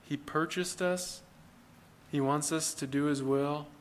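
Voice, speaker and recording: A man's voice: on the high side, steady tone, slow, slight background noise. A man preaching a sermon as pastor, speaking in an earnest, plain-spoken conversational way and putting rhetorical questions to the congregation.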